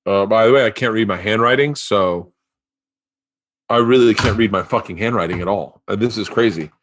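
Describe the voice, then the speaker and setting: A man hosting a podcast in casual chat, telling rambling, profane, excitable stories into a studio mic. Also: lowish voice, normal speed, no room sound. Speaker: podcast host.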